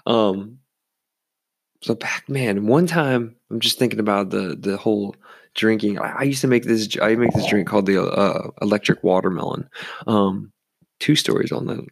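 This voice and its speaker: A man's voice: fairly low pitch, creaky, no echo, clean studio sound. A young man who works as a bartender, telling rambling bar stories in a casual, swearing way and acting out the people he quotes. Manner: rambling, swears freely, acts out quoted voices. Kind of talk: casual storytelling.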